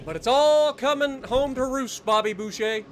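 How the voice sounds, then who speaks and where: A man streaming live gameplay commentary, swearing a lot and breaking into excitable laughter. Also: extremely high pitch, normal speed, background noise.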